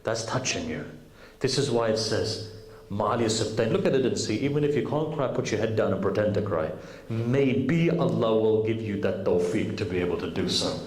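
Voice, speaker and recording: A fairly low, slightly mellow, expressive male voice delivers sermon storytelling at a moderate pace. Speaking earnestly to the majlis audience, he is recorded in a roomy hall where faint noise lingers.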